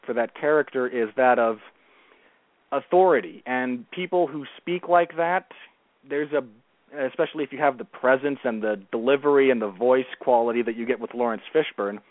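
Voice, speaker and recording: A man of middling pitch talks films as a podcast guest, weighing his words in articulate, considered sentences. His voice comes through a thin, phone-like line with a dry, close sound. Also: dry recording. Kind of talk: casual movie chat.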